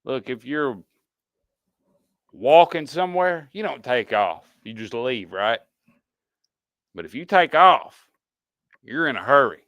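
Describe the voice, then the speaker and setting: Host type, sarcastic rambler with a bright, smooth, dry-miked voice. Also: male voice, mid-range voice, lively intonation, takes it slowly, pauses often, no echo. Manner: sarcastic, mocking, rambling with restarts. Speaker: podcast host. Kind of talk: casual commentary.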